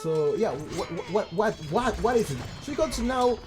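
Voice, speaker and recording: A man casting a strategy game, excitable and stammering, firing off rhetorical questions. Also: high voice, moderate pace, over music. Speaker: game commentator. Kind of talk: casual game commentary.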